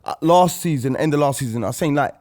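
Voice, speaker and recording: A man, co-hosting a football podcast in casual, animated banter that rises to shouts when he is riled. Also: fairly high pitch, fast talker. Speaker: podcast co-host.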